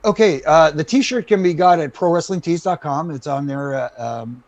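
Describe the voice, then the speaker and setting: A man's voice: fairly high pitch, moderate pace, no echo. A middle-aged man telling stories as a guest on a video call podcast, acting out quotes and peppering his speech with "you know.". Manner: animated, acts out quotes, frequent "you know". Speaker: guest, retired referee. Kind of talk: casual storytelling on a podcast.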